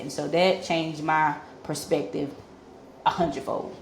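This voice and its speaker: A woman's voice: low voice, fairly even intonation, unhurried. A woman educator, a guest on a podcast, telling a story in a heartfelt, earnest way. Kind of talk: storytelling in an interview. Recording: echoey room with faint noise.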